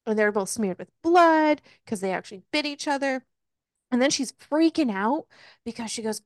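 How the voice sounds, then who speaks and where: A woman co-hosting a casual podcast, recapping a book in an exasperated, swearing, animated way and voicing the characters' lines. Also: high voice, moderate pace, no echo, clean studio sound. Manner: swearing, exasperated, animated retelling with voiced quotes. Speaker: podcast co-host.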